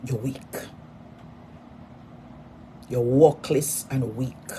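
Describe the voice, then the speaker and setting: Slow, taunting Jamaican woman ranting. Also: extremely low pitch, fairly even intonation, slight background noise. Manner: mocking, repetitive, insults in sudden loud bursts. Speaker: social media personality. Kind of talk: taunting rant at a rival.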